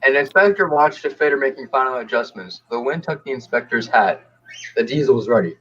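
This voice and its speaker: A man's voice: mid-range voice, animated, fairly quick, a bit bright, highs cut off, a little hiss or hum. A man reading a storybook aloud on a stream, casually, stumbling over words. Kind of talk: casual comic read-aloud.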